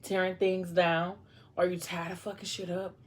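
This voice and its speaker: A woman's voice: lowish voice, flat delivery, normal speed, natural voice. A woman voicing a blunt, fiercely loyal young woman who swears freely but speaks with care. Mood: scolding. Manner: blunt and profane but caring.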